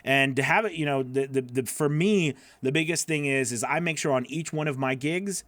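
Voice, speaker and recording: A man's voice: medium pitch, moderate pace, a bit bright, no echo. Chatty man coaching live. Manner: loose and chatty, many fillers, laughs at himself. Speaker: voiceover coach hosting a live Q&A. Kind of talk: casual live Q&A answering viewer questions.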